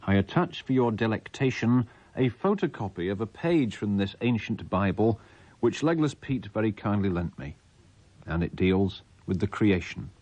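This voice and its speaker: A man's voice: lowish voice, lively intonation, normal speed, a little mellow, dull audio. A man, a radio host reading a listener's letter aloud in a mock-solemn, theatrical way.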